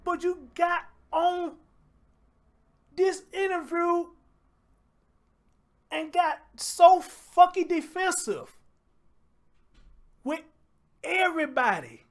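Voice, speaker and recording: A man's voice: very high-pitched, expressive, drawn-out words, pauses often. Sex: man. Role: show host. Style: emotional reaction commentary. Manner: profane, heated, near tears.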